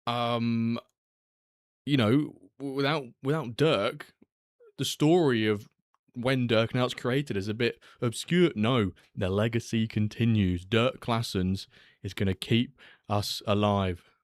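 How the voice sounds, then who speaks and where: A man's voice: mid-range voice, takes it slowly, no room sound, studio quality. A man hosting a casual live stream, rambling and reading out viewer messages. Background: faint background music.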